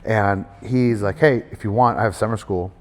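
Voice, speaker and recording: A middle-aged man telling his story in a casual interview, animated, acting out other people's voices, with many fillers. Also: fairly low pitch, moderate pace. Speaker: guest wrestler. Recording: hall reverb.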